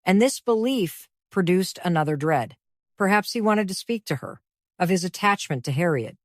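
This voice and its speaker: A woman narrating a classic novel in a measured, even reading voice. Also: on the low side, no echo, studio quality.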